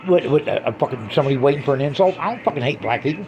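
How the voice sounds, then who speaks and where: A man's voice: medium pitch, lively intonation, rapid-fire, few pauses, a little mellow, faint music behind. A man in a crude, rambling rant, swearing heavily and drifting between asides. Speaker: monologuist.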